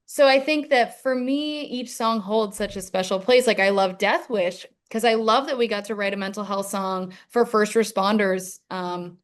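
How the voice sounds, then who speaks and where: A woman's voice: medium pitch, moderate pace, few pauses. A young adult woman musician in a casual interview, talking in a rambling way with many fillers. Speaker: musician guest.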